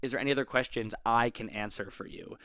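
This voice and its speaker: A man's voice: mid-range voice, steady tone, fast, a bit bright, dry recording, clean studio sound. A young man in his twenties hosting an advice podcast, talking casually with lots of fillers and self-corrections. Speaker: podcast host.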